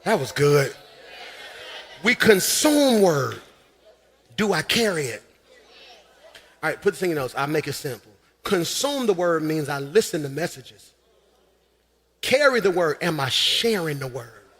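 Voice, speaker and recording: A man preaching to a church, his voice high and ringing. He shouts lines out, then drops into quick, playful asides with laughter. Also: very animated. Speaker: pastor. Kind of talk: sermon. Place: church sanctuary.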